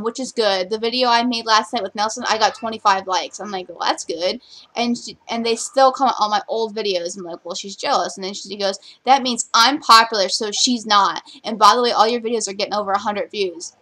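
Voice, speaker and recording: A young woman with a voice of ordinary pitch, talking straight to her own vlog camera. She rants bluntly and swears often, reading other people's chat messages aloud in a running string of complaints. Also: fairly bright tone. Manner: blunt, profane, rapid-fire ranting. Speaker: vlogger.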